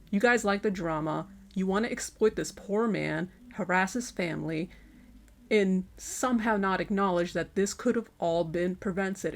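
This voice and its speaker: A woman delivering a scathing, sarcastic commentary rant at other creators, swearing often and reading from a prepared statement. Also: medium pitch. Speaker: online commentator.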